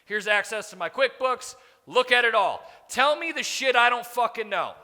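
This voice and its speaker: A man in his thirties delivers a blunt, profane motivational keynote on stage in a large conference hall, acting out quoted conversations along the way. His voice is very high-pitched, bright and forceful, with lively intonation at a normal speed. The stage mic picks up a reverberant hall.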